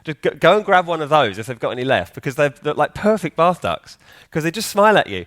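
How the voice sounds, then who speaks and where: A man's voice: on the high side, sing-song, fast talker, a bit bright. A man giving a live conference talk in a hall, chatty and joking, quizzing the audience. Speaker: conference speaker.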